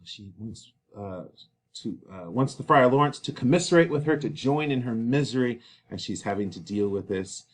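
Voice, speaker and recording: A man's voice: lively intonation, moderate pace. A man teaching a play, reading its lines aloud and then paraphrasing them casually. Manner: reads quoted lines louder and higher, then paraphrases casually; conversational with fillers.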